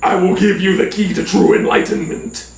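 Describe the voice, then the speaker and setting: A man voicing a grand, mystical ancient talking rock that speaks slowly and loftily. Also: high-pitched, wildly swooping pitch, a little mellow, voice pushed up, exaggerated voice. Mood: solemn. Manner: slow, solemn, lofty phrasing. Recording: roomy sound from a distant mic.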